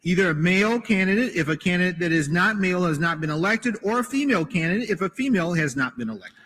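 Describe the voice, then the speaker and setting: A man reading a prepared procedural statement as a party official, formal with some halting restarts. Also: high voice, lively intonation, a bit bright. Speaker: party official announcing election rules. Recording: clip with long hall reverb.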